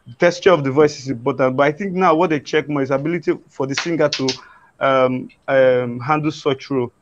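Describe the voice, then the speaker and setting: A man, a guest singer answering interview questions haltingly, with many fillers and restarts. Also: medium pitch, dull audio.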